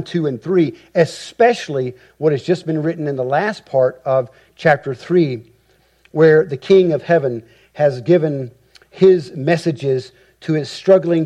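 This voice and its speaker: Male pastor, sermon delivery, unhurried and emphatic, slightly higher voice. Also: mellow. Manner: emphatic, rhetorical repetition, slow deliberate phrasing. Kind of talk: expository sermon.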